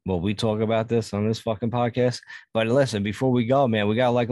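A man's voice: lowish voice, a little mellow, no echo, studio quality. A man hosting a podcast in casual chat, laid-back and swearing freely. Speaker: podcast host.

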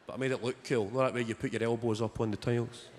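Performing stand-up on a theatre stage in front of a live crowd, this young man spins dry, sardonic stories at a quick clip. His medium-pitched voice stays steady, though the audio is very noisy, with loud laughter echoing through the large hall.

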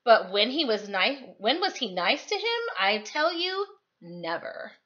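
A woman teacher reading a picture book aloud to her students, expressive and sing-song, recorded at home. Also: on the high side, unhurried, highs cut off. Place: home, indoors.

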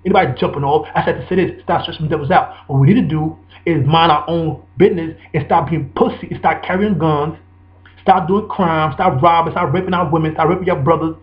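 A man's voice: on the high side, a little fast, lo-fi sound. A man delivering a profane, preachy ranting monologue full of repetition and street slang.

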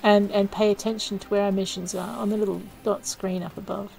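A woman's voice: medium pitch, flat delivery, a little fast, vocal fry, a little mellow, soft background music, poor audio. A woman giving casual, self-mocking commentary while playing a video game, thinking aloud as she goes. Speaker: let's play gamer.

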